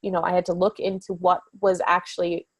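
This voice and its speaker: A woman's voice: lowish voice, level tone, brisk, dry recording. A woman guest on a podcast, a business coach who talks candidly and casually about her marriage, laughing often and leaning on fillers like "you know" and "like". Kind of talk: casual conversational interview.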